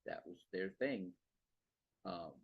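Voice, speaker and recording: A man's voice: low-pitched, steady tone, takes it slowly, vocal fry, husky, dry recording. A man hosting a podcast, talking casually about sales in a rambling way, repeating words and checking in with "okay" and "right". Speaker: podcast host. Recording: dull, dry lo-fi sound.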